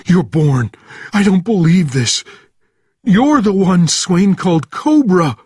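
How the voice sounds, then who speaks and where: A man voicing a huge, frantic male sergeant who shouts in panic. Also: high voice, big pitch swings, slow pace, slightly rough, dry recording, clean studio sound, pitched above the performer's own voice, exaggerated voice. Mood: panicked shouting.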